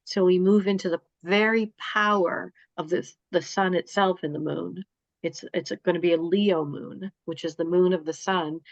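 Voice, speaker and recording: A woman giving a spiritual astrology talk, rambling and halting with many fillers. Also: lowish voice, steady tone, dry recording. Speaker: astrology reader. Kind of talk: spiritual live-stream talk. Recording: dull dry lo-fi sound.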